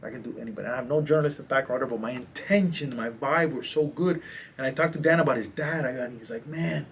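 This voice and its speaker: A man, a coach, casually telling stories as a podcast guest, animated and slangy. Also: medium pitch, fast talker, a little hiss or hum. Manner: animated, slangy, acts out quotes. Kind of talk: casual storytelling in a podcast interview.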